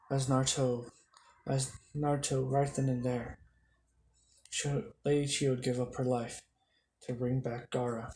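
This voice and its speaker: Man narrating fan fiction, rambling, self-correcting, flat monotone, music in the background. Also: mid-range voice, unhurried, rough recording. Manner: rambling, self-correcting, chains lines with "he goes". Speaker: storyteller. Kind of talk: improvised fan-story narration.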